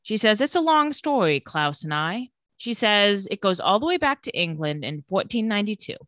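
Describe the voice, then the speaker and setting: A woman co-hosting a casual podcast, recapping an episode and acting out the characters' lines with animated storytelling. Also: medium pitch, moderate pace, dry recording, clean studio sound. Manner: animated storytelling, acts out quotes. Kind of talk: casual chat.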